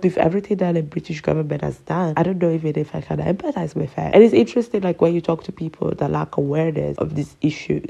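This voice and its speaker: Gravelly low-voiced woman podcaster. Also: dark tone. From Italy. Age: around 30. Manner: emotional, impassioned, with frequent apologies. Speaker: podcast host. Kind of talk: personal opinion podcast monologue.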